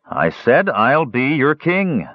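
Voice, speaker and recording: A man acts out a grumpy, gray-haired hill dwarf who barks in gruff, exasperated bursts. His voice swings in pitch and sounds dry and close, with a dull, muffled tone. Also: wildly swooping pitch, measured pace, dry recording.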